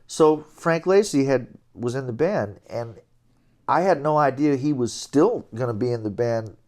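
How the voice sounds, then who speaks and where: A middle-aged man, an interview guest, telling stories about his career in a relaxed, animated way, chuckling now and then. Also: mid-range voice, measured pace. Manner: animated anecdotes, chuckling, scatting melodies. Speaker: interview guest, jazz trombonist. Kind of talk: relaxed storytelling.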